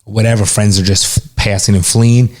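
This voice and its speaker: Middle-aged guy on a podcast, lowish voice, laid back, curses a lot. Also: normal speed. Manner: relaxed, swears freely. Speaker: podcast co-host, father. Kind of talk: casual chat.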